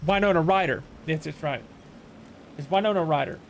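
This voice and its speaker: A man's voice: a little high, brisk, slight background noise. A male streamer chatting casually while playing a game, telling rambling stories with frequent restarts. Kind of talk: casual chat while gaming.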